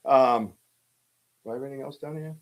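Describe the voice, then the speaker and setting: Rambling, animated male podcast host. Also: mid-range voice, brisk. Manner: animated, rambling storyteller with many fillers and restarts. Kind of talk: casual storytelling on a live stream.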